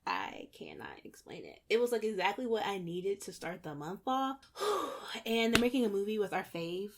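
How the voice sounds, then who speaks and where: A woman's voice: medium pitch, sing-song, normal speed, noisy background. A young woman co-hosting a book vlog, chatting in an easygoing, enthusiastic way about what she read. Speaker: book vlogger, co-host. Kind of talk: casual book chat.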